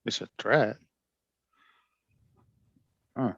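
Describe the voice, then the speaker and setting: A man's voice: medium pitch, very slow, slightly rough, no echo, muffled recording. A man playing a tabletop game, asking hesitant questions with restarts. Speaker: player. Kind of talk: casual tabletop role-play.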